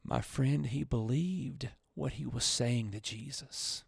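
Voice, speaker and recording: A male pastor preaching a radio sermon, his voice swelling loud and high, then dropping low and quiet. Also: slow pace, gravelly, slightly rough, no room sound.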